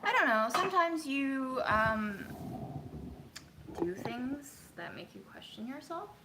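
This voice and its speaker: A woman vlogging casually from her home kitchen, talking in a soft, reflective way with many pauses and ums. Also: high voice, lively intonation, heavy background noise. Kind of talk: casual livestream chat. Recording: roomy echo.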